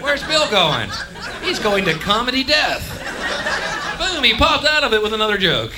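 A nasal, sing-song heckler, as a man puts him on on stage, pitched well above his usual voice and taunting in a lilting whine. He sounds like a mocking audience member sneering at the act. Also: very animated, normal speed, very noisy. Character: whiny male audience member mocking the comic.

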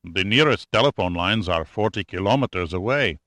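Un homme jouant un vieil Islandais à l'accent nordique. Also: male voice, sits low, expressive, a bit bright, no echo. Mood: calm. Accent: heavy Nordic accent. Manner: speaks slowly and plainly. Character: Icelandic old man, calm and laconic.

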